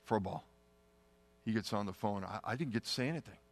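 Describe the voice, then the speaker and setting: A middle-aged man telling a personal testimony story, earnest and often dropping to a hushed tone. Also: on the low side, a little fast. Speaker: testimony speaker.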